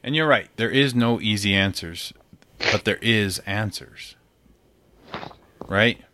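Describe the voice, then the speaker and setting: A man co-hosting a podcast, talking earnestly in casual chat with halting restarts. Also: lowish voice, bright, forceful tone, slight background noise.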